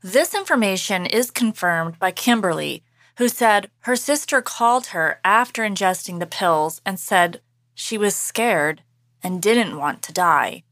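A woman hosting a podcast, giving measured, scripted true-crime narration. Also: mid-range voice, lively intonation, fairly bright tone, dry recording, clean studio sound.

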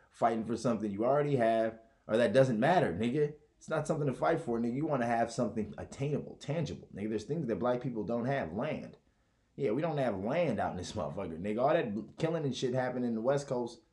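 A man's voice: medium pitch, mellow. A man hosting a podcast in a casual, profane monologue, rambling and mocking others with put-on voices. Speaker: podcast host.

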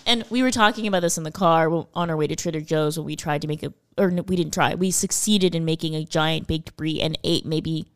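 A woman's voice: deep voice, fairly quick, few pauses, clear, resonant tone, dry recording, studio quality. A young woman co-hosting a podcast in casual, playful chat, swearing freely and repeating lines for emphasis. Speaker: podcast co-host.

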